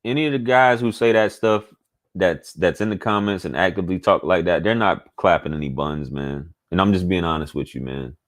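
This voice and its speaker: A man's voice: low-pitched, fairly quick. A man, talking candidly and casually to his audience as a channel host, repeating points for emphasis. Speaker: channel host giving dating advice. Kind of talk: casual monologue to camera.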